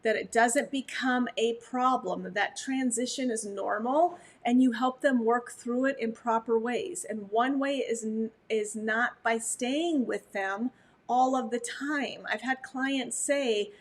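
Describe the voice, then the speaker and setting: Dog breeder, woman, Montana accent, higher register, chatty livestream host who laughs a lot. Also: measured pace. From Montana, USA. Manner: chatty, laughs often, talks to viewers' comments. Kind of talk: casual livestream chat.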